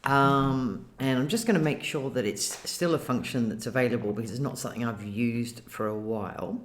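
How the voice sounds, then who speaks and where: A guest in a casual chat, speaking deliberately with frequent ums and careful phrasing. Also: mid-range voice. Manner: measured and deliberate, many ums.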